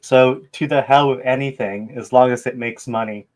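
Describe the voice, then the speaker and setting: A man's voice: medium pitch, steady tone, moderate pace. A man in a casual stream chat, hesitant and questioning, playing devil's advocate.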